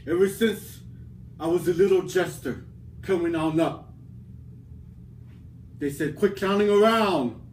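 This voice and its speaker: A man delivering a theatrical wrestling promo in a boastful, drawn-out, dramatic way. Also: on the high side, dark tone, a little hiss or hum.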